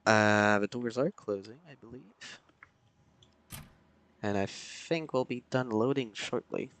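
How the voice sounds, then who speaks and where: A man's voice: fairly low pitch, unhurried. A man streaming a flight simulator, chatting casually with viewers and reading back radio calls. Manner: relaxed, chatty, answers chat with fillers. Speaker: flight sim streamer playing pilot.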